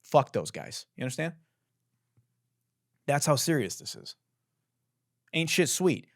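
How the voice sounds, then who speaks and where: A man's voice: fairly high pitch, sing-song, a little slow, dry recording, clean studio sound. A young man hosting a podcast, delivering a profane, mock-dramatic comedic monologue full of boasting. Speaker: podcast host.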